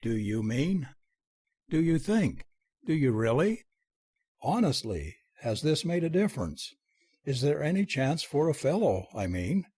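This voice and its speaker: A man's voice: on the high side, very animated, a little slow, warm tone, breathy edge, no echo, studio quality, full character voice. A man reading aloud and voicing a flustered young man who stammers humble apologies in a storybook.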